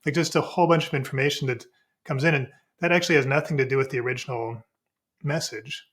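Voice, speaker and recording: Speaking fast, a man who is a spiritual teacher appears as a podcast guest, explaining ideas in relaxed conversation. He acts out inner voices with sudden high-pitched exclamations.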